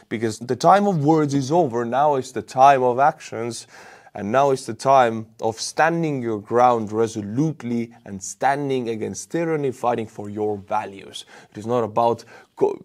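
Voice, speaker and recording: A man from Estonia with an Estonian accent, delivering emphatic, opinionated war news commentary on his channel. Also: medium pitch. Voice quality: emphatic, animated, with sudden loud outbursts.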